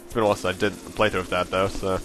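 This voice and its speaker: A young man narrating his own game playthrough in a loose, rambling way, joking and swearing as he plays. His voice is bright and forward, and soft music runs in the background. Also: sits low, little pitch movement, rapid-fire. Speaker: let's play gamer. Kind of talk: casual gameplay commentary.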